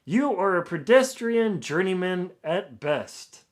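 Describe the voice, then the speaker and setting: A man's voice: high-pitched, lively intonation, takes it slowly, pitched above the performer's own voice. A man reading out a nasty review in a put-on pompous English accent, playing a snobbish literary critic. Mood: pompous, sneering. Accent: mock posh English. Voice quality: pompous, sneering.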